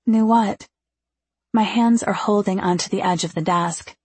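A woman with a husky, gravelly voice narrating a first-person novel in an intimate, confiding way. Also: medium pitch, moderate pace, a little mellow, no echo. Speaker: audiobook narrator.

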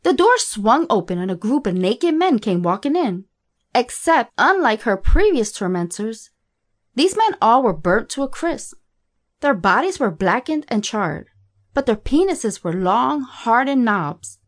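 A woman reading a graphic horror story aloud in a steady, matter-of-fact way. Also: on the high side, a little slow. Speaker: narrator. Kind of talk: scripted horror story narration.

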